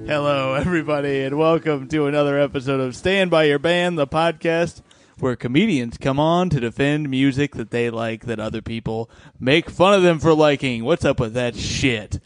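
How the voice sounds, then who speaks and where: A man's voice: on the high side, moderate pace, clean tone, no room sound, soft background music. A man hosting a comedy podcast, joking, swearing and laughing often with his guests. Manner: jokey, profane, laughs often. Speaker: podcast host. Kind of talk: casual comedy podcast chat. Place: studio.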